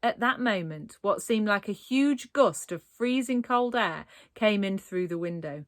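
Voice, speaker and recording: A woman's voice: mid-range voice, unhurried, no echo, clean studio sound. A woman narrating a children's storybook aloud with a dramatic, playful delivery. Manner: expressive, dramatic read-aloud with playful asides. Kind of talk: storybook reading.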